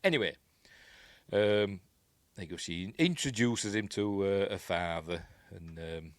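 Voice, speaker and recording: Yorkshire man, lowish voice, dry close sound, rambling film recap full of asides. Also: a little slow, no echo. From Yorkshire, England. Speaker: film reviewer.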